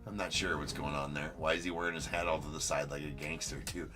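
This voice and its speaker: A man's voice: extremely low pitch, fairly even intonation, fast talker, bright, forceful tone, faint music behind. A man hosting a live card-breaking stream, joking and teasing a viewer as he gives casual commentary.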